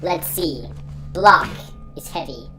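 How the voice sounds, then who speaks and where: A man putting on the voice of a dim-witted, self-satisfied guy, talking slowly in broken grammar. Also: high voice, lively intonation, pushed and bright, faint music behind, full character voice. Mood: dopey. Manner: broken grammar, slow and dopey.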